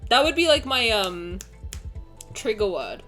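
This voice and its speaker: A woman's voice: medium pitch, very animated, measured pace, fairly bright tone, soft background music. A young woman streaming live, reading chat messages aloud and reacting with swearing and frequent laughter.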